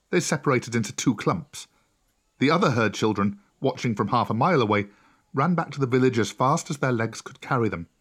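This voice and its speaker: A man narrating a children's storybook in a steady, clear voice. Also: mid-range voice. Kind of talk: storybook reading.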